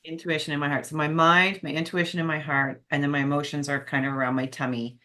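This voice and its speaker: A woman's voice: low voice, little pitch movement, fast talker, sharp tone. A woman hosting a podcast interview, candid and enthusiastic, laughing easily as she talks. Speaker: podcast host. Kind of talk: casual interview chat.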